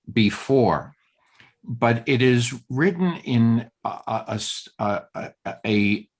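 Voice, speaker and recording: A mid-range male voice guides a Torah study group through passages read aloud. He speaks haltingly, searching for the right words and thinking about which to emphasize.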